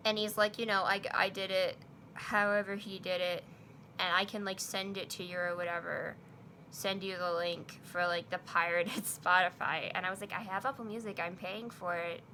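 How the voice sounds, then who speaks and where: Full of fillers and casual chatter, this young vlogger recounts a personal story, voicing both herself and the other people in it. She speaks at a moderate, steady pace in a low-ish voice with a bright, forceful tone, against slight background noise.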